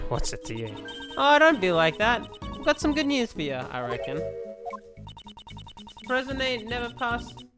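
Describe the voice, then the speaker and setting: A streamer voicing a folksy man with an attempted American Southern accent, in a loud, slow, hammy drawl. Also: mid-range voice, wildly swooping pitch, over music, voice pushed up.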